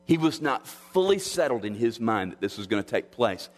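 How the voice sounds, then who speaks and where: A man preaching in a church sanctuary, his voice trailing off into a long echoing reverb. He speaks in a measured, earnest way at a middling pitch, circling back and restarting phrases as he works through the text. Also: big pitch swings. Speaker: pastor. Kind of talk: expository sermon.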